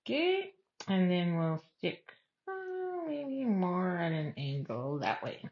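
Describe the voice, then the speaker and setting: A woman's voice: lowish voice, big pitch swings, slow, dull audio. A woman hosting an online craft class, talking casually step by step and thinking aloud as she works. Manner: chatty, thinks aloud while working.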